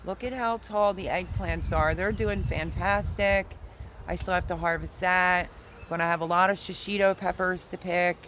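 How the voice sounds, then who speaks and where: A man with a high voice chats loosely through a livestream, wandering from topic to topic and answering his viewers as he goes. He talks into a phone camera out in his backyard garden, with plenty of outdoor noise around him. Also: steady tone, normal speed, bright, forceful tone. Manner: rambling, chatty, answers viewer comments. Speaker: livestream host, home gardener. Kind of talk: casual livestream chat. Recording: noisy outdoor ambience.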